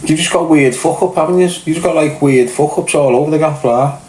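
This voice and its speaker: A middle-aged Liverpool man talks straight to his audience, blunt and full of swearing, throwing rhetorical question after rhetorical question. His voice sits a little higher than most men's. The room around him rings with noticeable echo. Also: brisk, a little mellow, a little hiss or hum. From Liverpool, England. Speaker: podcast host. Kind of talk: ranting monologue to viewers.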